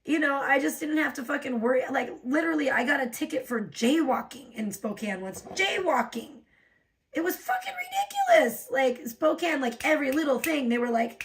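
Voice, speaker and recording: A woman's voice: high-pitched, fairly bright tone, recorded from a distance, slight background noise. A woman hosting a livestream, ranting in a profane, rambling way and laughing often. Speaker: livestream host. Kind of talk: casual livestream rant.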